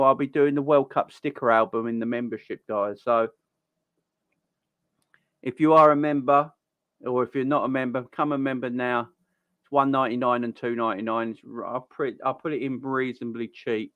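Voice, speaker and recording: A man's voice: medium pitch, steady tone, quick pace, dry recording, phone-quality sound. A man in his thirties with a Cockney accent, hosting a casual football live stream from home, chatting and greeting viewers by name. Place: home, children in next room.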